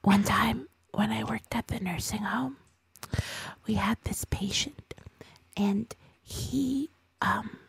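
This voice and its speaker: A woman's voice: fairly high pitch, slow pace, gravelly, breathy edge, no room sound. A woman co-hosting a casual podcast, often half-whispering and giggling as she tells gross work stories. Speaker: podcast co-host. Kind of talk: casual chat, partly whispered.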